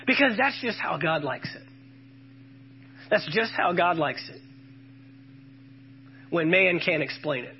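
A man's voice: fairly high pitch, expressive, measured pace, long pauses, highs cut off, slight background noise. A man preaching a sermon, quoting scripture with emphasis and calling out questions to the congregation.

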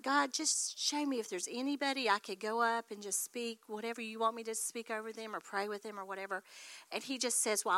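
A woman telling an animated testimony story and acting out what people said. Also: on the high side, no room sound. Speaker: congregation member sharing a testimony.

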